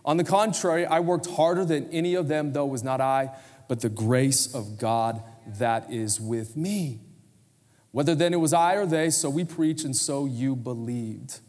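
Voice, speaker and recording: A man's voice: medium pitch, moderate pace, darkish tone, long reverb tail. A man in his forties preaching a conversational sermon in a church, prompting the congregation to answer and turn to each other. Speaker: pastor. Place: church sanctuary.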